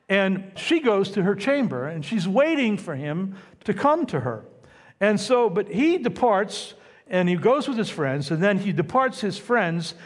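A man preaching a sermon, teaching in a lively, conversational way with asides to his listeners. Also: high-pitched. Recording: long hall reverb.

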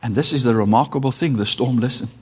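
A middle-aged man with a South African accent preaching a sermon as pastor, with dramatic pauses and sudden shifts between loud and hushed delivery. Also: medium pitch, slightly rough. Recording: long reverb of a hall.

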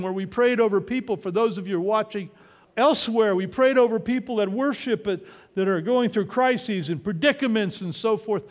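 Male pastor, high lively voice, church reverb, emphatic and jokey. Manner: animated, joking asides, emphatic repetition. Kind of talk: sermon.

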